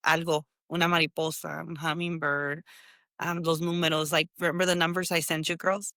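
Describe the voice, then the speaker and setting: Gravelly bright-voiced woman co-host. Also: low voice, flat delivery, a little fast, no room sound. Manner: mixes Spanish words into English speech. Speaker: podcast co-host. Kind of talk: casual conversation and storytelling.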